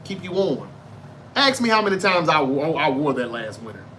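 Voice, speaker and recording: Southern US male host, slightly high, punchy bright tone, casual and profane, talks straight to chat. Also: big pitch swings, normal speed, slight background noise. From Memphis, Tennessee. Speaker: livestream show host. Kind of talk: casual chat reading viewer comments.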